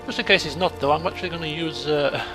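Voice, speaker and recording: A man casually commentating his own gameplay, chatty and self-mocking, getting excitable in the fights. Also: on the high side, quick pace. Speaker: let's play gamer. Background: game music.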